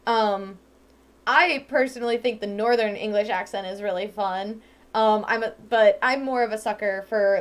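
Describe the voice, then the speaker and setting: A young woman from Ohio, chatting casually and rambling while she plays a game. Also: medium pitch. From Ohio, USA. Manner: chatty, rambling, lots of "um" and "like", laughs easily. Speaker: let's-play host. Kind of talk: casual chat over gameplay.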